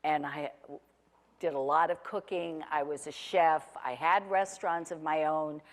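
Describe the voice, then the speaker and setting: Her low voice stays steady at a moderate pace, ringing with a long reverb tail. She's in her forties, used to be a chef, and tells her story in a chatty, rambling way, mocking herself with humor.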